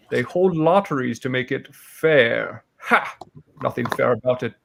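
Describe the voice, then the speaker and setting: A man voicing a gruff, blunt old female warrior who speaks slowly and haltingly. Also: mid-range voice, voice pushed up.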